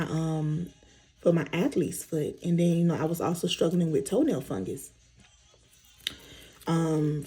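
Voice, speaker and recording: A woman's voice: lowish voice, warm tone, rough recording. A woman vlogger chatting candidly with viewers while doing her makeup, repeating herself as she tells her story. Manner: candid, repetitive storytelling addressing viewers as y'all.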